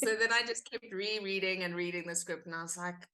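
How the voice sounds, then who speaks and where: A woman, an actor guest, chatting in an interview and telling stories with lively acted-out quotes. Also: mid-range voice, fairly quick, hardly any pauses. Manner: animated storytelling, acts out quoted exchanges. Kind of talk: casual interview chat.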